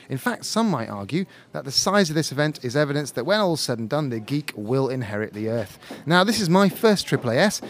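A man hosting a science podcast from a café, presenting a scripted show with a wry, joking delivery. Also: mid-range voice. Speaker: podcast host.

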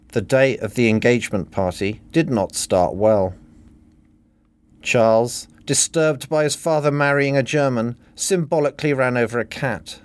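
A man reading his own satirical book parody in a dry, deadpan narration. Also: medium pitch, moderate pace, clean tone.

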